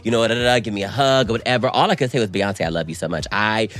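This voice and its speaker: A man co-hosting a podcast, telling a story in casual chat, very animated and swooping high when excited, calling everyone "girl". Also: quick pace. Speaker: podcast co-host.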